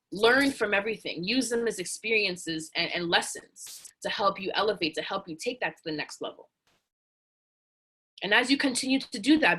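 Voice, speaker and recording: Woman motivational storyteller, earnest and animated, crisp bright voice with a husky edge. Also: mid-range voice.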